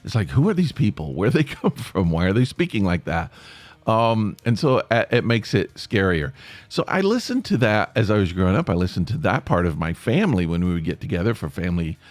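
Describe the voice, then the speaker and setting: Podcast host, Appalachian man, low-pitched voice with lively, swinging intonation; rambling, self-correcting delivery, dry close recording. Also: brisk, no echo. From East Tennessee. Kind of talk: casual monologue.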